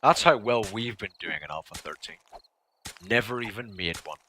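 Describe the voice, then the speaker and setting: A man rambles through a casual let's-play livestream, his lower voice bright and very animated. He drops to muttered asides and then bursts out loud and jokey, over a faint hiss of background noise. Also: moderate pace. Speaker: gaming livestreamer.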